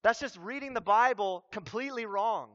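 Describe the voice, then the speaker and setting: A man preaching a sermon as a pastor, with humorous and animated delivery. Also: sits high, moderate pace. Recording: dull lo-fi recording.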